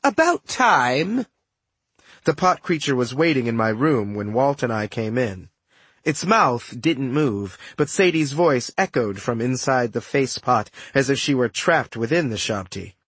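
A man narrating a first-person audiobook, telling the story lively with wry asides. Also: mid-range voice, unhurried, husky, no echo.

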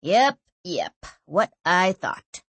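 A woman's voice: lowish voice, wildly swooping pitch, drawn-out words, no room sound, exaggerated voice. A woman doing a drawling laconic male voice.

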